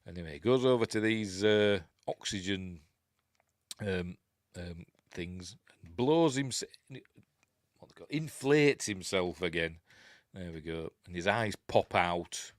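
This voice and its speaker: A man's voice: low-pitched, a little slow, dry recording, studio quality. Rambling Yorkshire man reviewing a film. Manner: rambling, chuckling, loses his place. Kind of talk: casual film commentary.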